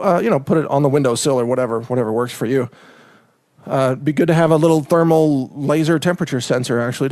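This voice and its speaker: A man's voice: on the high side, darkish tone, no echo, clean studio sound. A man hosting a preparedness talk from Texas, casual, rambling and joking between tips. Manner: rambling, joking, self-promoting. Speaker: preparedness show host.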